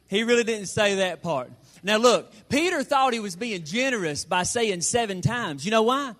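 High-voiced folksy preacher. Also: male voice, animated, fairly bright tone. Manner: folksy and joking, slows down to stress numbers. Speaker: pastor. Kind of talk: sermon.

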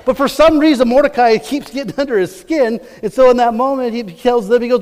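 A man's voice: extremely high pitch, fairly quick, hardly any pauses, a little mellow, big-room sound. A man preaching a sermon, retelling a Bible story in a casual, rambling way that often corrects itself. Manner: chatty, rambling, self-correcting.

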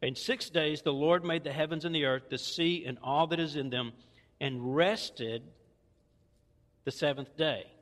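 A man with a Southern US accent delivers a sermon in a folksy, conversational way, slipping in playful asides. His voice sits a little high. A long reverb trails his words, like a large church sanctuary. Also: unhurried, a bit bright. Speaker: pastor.

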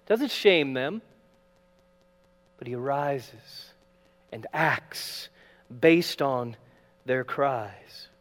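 A man preaching a sermon, dramatic, shifting from loud acted quotes to hushed asides. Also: mid-range voice, expressive, extremely slow, long pauses. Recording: long reverb of a large hall, faint mains hum.

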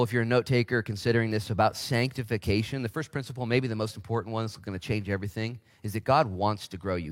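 A man in his forties preaching a casual, energetic sermon as pastor in a church, with big swings in pitch. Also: no echo, clean studio sound. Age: 40s.

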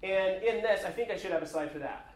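A man's voice: high-pitched, brisk, a little hiss or hum. A man preaching a casual sermon as pastor, chatty and joking, with many fillers. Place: church hall. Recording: echoey room.

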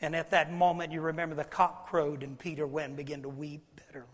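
A man preaching a sermon as pastor, emphatic and preacherly, swinging from loud declarations to low, intimate asides. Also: monotone, fast talker. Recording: long reverb of a large hall.

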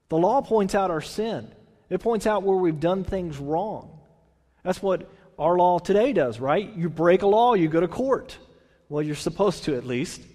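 A man's voice: high-pitched, mellow, long reverb tail. A man, a pastor, preaching a conversational sermon, reading scripture and then explaining it with restarts and questions to the congregation. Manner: restarts and repeats words, asks the congregation questions.

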